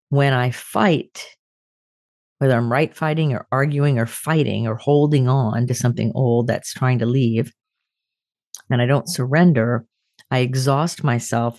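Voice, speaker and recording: A woman's voice: a bass voice, darkish tone, dry recording. An older woman talks through a spiritual reflection as a podcast host, earnest and personal. She tells her stories with restarts and asides. The sound is dry and close, with no room around her.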